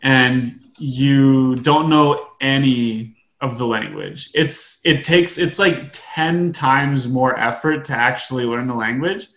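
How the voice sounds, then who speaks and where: A man's voice: medium pitch, slow pace, few pauses. Chill podcast guy explaining something, echoey room, lo-fi sound. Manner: relaxed, explains with restarts. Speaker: podcast co-host. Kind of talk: casual chat.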